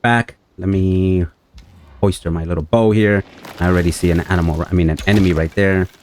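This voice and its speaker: A deep-voiced young man chatting his way through a survival game. He talks to his viewers and his in-game horse and breaks into excitable outbursts when enemies show up. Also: brisk, slight background noise. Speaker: gameplay streamer. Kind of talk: casual let's-play commentary.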